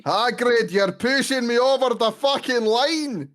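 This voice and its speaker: A man putting on an exasperated, cursing giant groundskeeper from a wizard school, gruff and bullying. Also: extremely high pitch, unhurried, a bit bright, pitched above the performer's own voice. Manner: gruff, swearing, bullying insistence.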